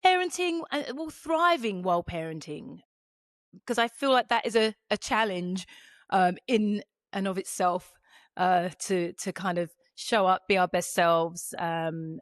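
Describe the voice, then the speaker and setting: A woman's voice: fairly low pitch, slow pace, no echo, clean studio sound. A woman from Europe hosting a casual parenting podcast, rambling along with frequent ums and restarts. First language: not English. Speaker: podcast host.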